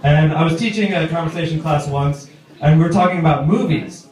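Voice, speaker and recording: A man performs stand-up on a small pub stage in a chatty, hesitant manner. His voice sits a little high. The room echo is heavy and he sounds some distance from the mic. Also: a little fast, darkish tone. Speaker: stand-up comedian. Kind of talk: stand-up set.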